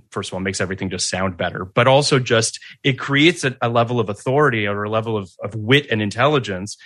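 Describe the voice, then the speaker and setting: A man hosting a casual podcast, talking in animated, rambling bursts. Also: mid-range voice, dry recording.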